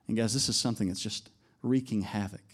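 A man preaching a sermon to his congregation in an animated way, climbing to emphatic peaks and slowing down for quoted lines. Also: fairly low pitch, husky. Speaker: pastor.

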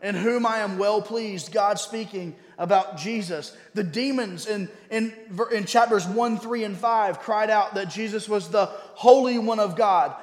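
A man preaching a sermon as pastor. He is emphatic, slows down to stress key words and drops suddenly to a quiet voice. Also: sits high. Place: church sanctuary. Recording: echoey hall with long reverb.

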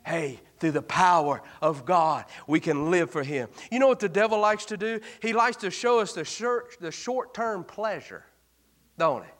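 Male revival preacher, bright ringing tone, folksy storyteller who builds to shouting. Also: lively intonation, moderate pace. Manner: folksy storytelling, swinging from low murmurs to shouted exhortation. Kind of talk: revival sermon.

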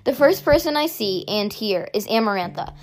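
A woman narrating a first-person story aloud in a steady, softly expressive reading. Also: medium pitch, normal speed.

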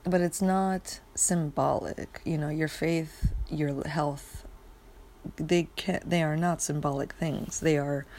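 A woman's voice: low-pitched, steady tone, slow, darkish tone, a little hiss or hum. A young woman rambling in a casual rant, sleepy and yawning, swearing often and stopping to restart her sentences. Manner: rambling, profane, many fillers and restarts.

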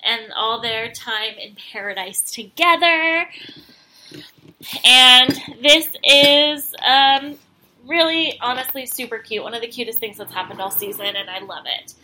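A young woman chatting casually as a podcast co-host, retelling a reality show in an animated, giggly way full of fillers. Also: on the high side, a little slow, slight background noise. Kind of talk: casual TV recap chat.

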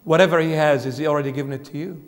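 Man, bishop preaching, emphatic, questions the listeners, high voice, long church echo. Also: fairly even intonation, very fast. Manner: emphatic, questions the congregation directly. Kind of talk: sermon.

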